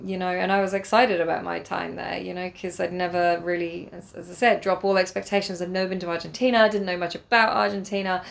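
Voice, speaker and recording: A woman's voice: lowish voice, vocal fry. An English woman telling a casual, rambling travel diary with many fillers and restarts, earnest and a little spiritual. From England. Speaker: travel vlogger.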